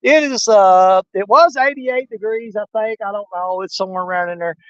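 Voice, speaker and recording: High-voiced older man, dry sound. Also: moderate pace, no room sound, muffled recording. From Missouri, United States. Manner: folksy, joking, laughs often. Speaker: fishing livestream host. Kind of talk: casual live-stream chat. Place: outdoors on a river.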